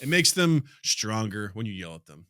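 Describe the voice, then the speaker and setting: A man co-hosting a podcast, telling stories in a dry, deadpan way with plenty of swearing. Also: on the low side, normal speed, dry recording. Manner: dry, deadpan storyteller with lots of profanity. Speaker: podcast co-host. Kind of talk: casual chat.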